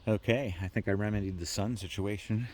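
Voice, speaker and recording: A middle-aged man casually reviewing gadgets in a rambling, relaxed way, with many fillers. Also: fairly low pitch, a little fast. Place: indoors near a window.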